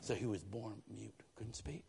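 A man as a pastor preaching an emphatic sermon, repeating phrases and swinging between quiet and loud. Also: lowish voice, a little slow, gravelly, husky.

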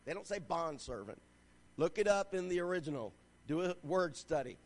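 A man preaching a sermon, his voice pitched high for a man. He reads scripture aloud and exhorts the congregation with growing fervor, often asking for an "Amen.". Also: lively intonation, normal speed. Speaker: pastor.

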